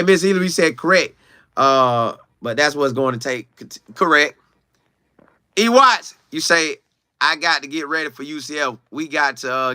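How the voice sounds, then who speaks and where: A man's voice: a little high, pushed and bright, no echo, studio quality. A young man hosting a casual livestream, reading viewer comments and answering them, repeating words for emphasis.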